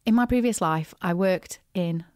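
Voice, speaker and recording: A woman hosting a business podcast, chatty and animated, with frequent asides and restarts. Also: lowish voice, moderate pace, no echo, clean studio sound. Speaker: podcast host, business coach. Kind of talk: casual solo podcast talk.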